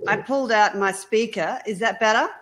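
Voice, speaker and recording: A woman with an Australian accent chatting casually on a video call, slangy and quick to laugh. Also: medium pitch. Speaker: guest on a group video chat. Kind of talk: casual chat.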